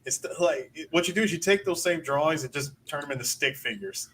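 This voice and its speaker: A man co-hosting a podcast in casual chat, animated and joking with quick asides. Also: a little high, husky, low-quality recording. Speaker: podcast co-host.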